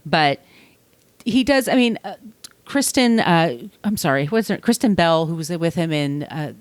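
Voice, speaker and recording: A woman's voice: on the low side, expressive, moderate pace, dry recording. A woman co-hosting a casual podcast, talking bluntly and sarcastically with plenty of swearing. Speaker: podcast co-host.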